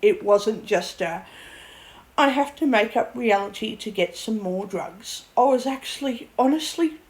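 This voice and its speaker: A woman's voice: a little high, animated, a little slow, darkish tone, rough recording. A woman venting to camera about a bad illness, blunt and swearing, laughing at her own ordeal as she rambles. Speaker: vlogger. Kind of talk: rambling personal vent.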